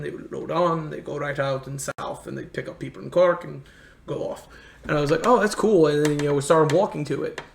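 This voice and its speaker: A man's voice: fairly high pitch, gravelly, slight background noise. A man from the United States telling rambling, earnest travel stories in a casual chat. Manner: earnest, rambling anecdotes with many restarts. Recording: echoey room.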